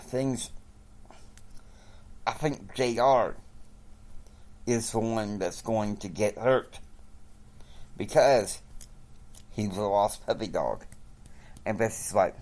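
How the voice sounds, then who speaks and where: A man casually retelling a family story, halting often and quoting each person with "he's like". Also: on the low side, darkish tone. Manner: slow, halting, quotes characters with "he's like".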